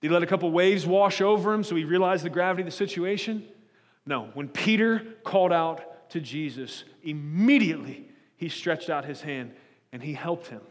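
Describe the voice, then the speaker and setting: A man's voice: on the high side, long reverb tail. A man preaching a sermon as pastor, earnest and pleading, often restarting and repeating words as he builds his point.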